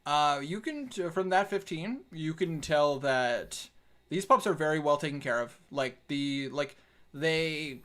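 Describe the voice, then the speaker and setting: A man narrates as dungeon master in a tabletop game played over voice chat. His pitch swings widely as he talks, and he rambles and restarts his sentences. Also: lively intonation, a little slow, a bit bright. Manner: rambling, restarts often, laughs. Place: home, voice chat.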